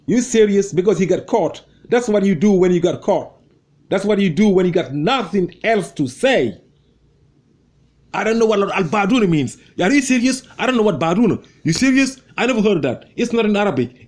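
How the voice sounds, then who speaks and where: A man's voice: sits high, a little mellow. A man hosting a debate show, giving heated, mocking commentary on a replayed clip and repeating his points. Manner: scornful, mocking, repetitive.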